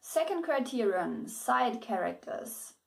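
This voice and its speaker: A woman's voice: on the high side, sing-song, slow, gravelly. A woman with German as her first language gives a casual spoken book review, hesitant, with many fillers, restarts and bits of laughter.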